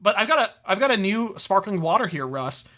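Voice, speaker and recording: Man, podcast co-host, crude animated riffing, high pitch. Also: fairly quick. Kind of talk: casual comedic chat.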